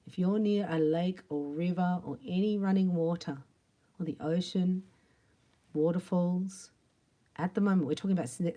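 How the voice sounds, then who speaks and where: A woman giving a tarot reading in a chatty, animated monologue, acting out imagined quotes and sometimes dropping to a soft whisper. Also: on the low side. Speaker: tarot reader.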